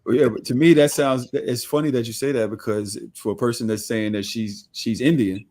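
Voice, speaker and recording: A man's voice: medium pitch, fairly even intonation, moderate pace, a little mellow. A man hosting a podcast in casual chat, blunt, swearing freely and pushing back on others.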